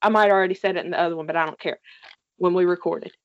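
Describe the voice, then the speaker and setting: A woman's voice: on the low side, fairly even intonation, rapid-fire, dry recording, lo-fi sound. A woman casually recapping a TV series with a co-host, telling it animatedly, swearing freely and laughing often. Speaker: podcast co-host.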